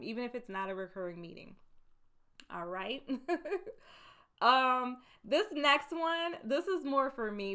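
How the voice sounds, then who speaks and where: A woman in her thirties giving casual, emphatic career advice to her viewers, repeating her key points, with a soft voice that she says can sound meek. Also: mid-range voice. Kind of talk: casual advice talk to camera.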